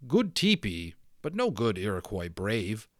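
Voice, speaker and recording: Brief: man doing a stern, terse miniature warrior come to life in a storybook, speaking in clipped broken phrases, lively pitch. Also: measured pace, no room sound, studio quality.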